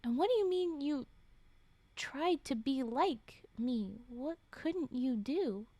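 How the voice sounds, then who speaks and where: A protective woman talks softly and reassuringly to someone she loves, voiced by a woman reading the story. Her voice is high and the sound is close and dry. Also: animated, slow pace, no room sound. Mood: tender. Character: tender, protective woman comforting her partner.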